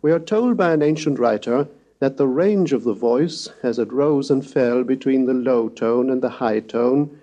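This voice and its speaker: A man giving a recorded scholarly lecture, speaking in a measured, precise way and demonstrating pitch glides aloud. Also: warm tone, highs cut off.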